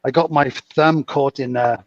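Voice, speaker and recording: A man in his fifties telling stories in a casual chat, animated and laughing often. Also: mid-range voice, a little slow, muffled recording. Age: 50s.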